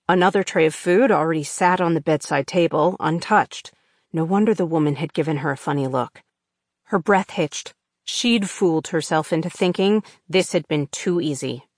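A woman narrating an audiobook in a measured, tense suspense reading on a close studio mic. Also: lowish voice, dry recording. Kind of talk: scripted narration.

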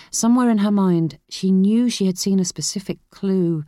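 Steady, mellow audiobook narrator. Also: medium pitch, normal speed, no echo, clean studio sound. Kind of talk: scripted narration.

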